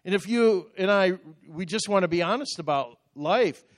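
Older guy preaching, tells stories, voice on the higher side, gets loud in bursts. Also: expressive, normal speed, no room sound, clean studio sound. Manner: storytelling with sudden loud outbursts. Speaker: pastor. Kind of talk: sermon.

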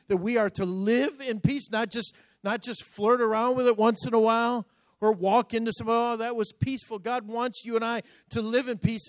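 A man with a notably high voice delivers a sermon as pastor. He preaches with emphasis and slows down deliberately when he reads scripture aloud. The sound is dry, with almost no room echo.

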